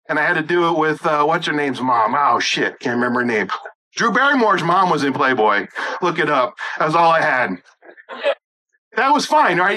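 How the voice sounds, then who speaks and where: A man performing a crude stand-up comedy set, shouting punchlines and acting out voices. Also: a little high, low-quality recording. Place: rooftop event.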